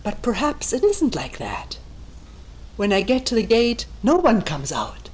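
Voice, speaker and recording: A woman meditation teacher giving a calm, thoughtful talk, reading a text aloud and commenting on it. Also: unhurried, breathy edge, rough recording. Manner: calm and thoughtful, acting out quoted voices with raised pitch. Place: retreat meeting room.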